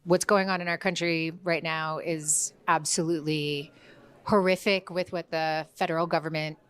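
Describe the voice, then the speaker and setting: Woman, actress in interview, earnest, emotional, lowish voice. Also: fairly even intonation, normal speed, clear, resonant tone. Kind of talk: interview statement.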